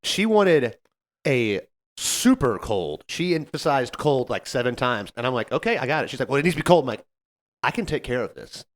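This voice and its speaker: A man co-hosting a podcast, telling a story about a difficult customer in a casual, animated way and acting out what people said. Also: medium pitch, moderate pace. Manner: animated, acts out customer quotes. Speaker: podcast co-host, server.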